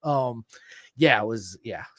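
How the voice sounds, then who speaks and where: An American man hosting a podcast, chatting casually and telling stories with bursts of excitement. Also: mid-range voice, slow pace, dry recording. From United States. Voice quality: excitable, animated storyteller. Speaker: podcast host. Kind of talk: casual interview chat.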